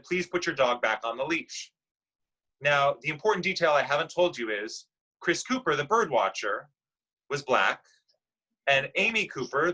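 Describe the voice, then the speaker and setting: A man's voice: fairly high pitch, pushed and bright, rough recording. A man leading a class discussion, patiently telling a news story to children and asking them guiding questions. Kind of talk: explaining current events to children.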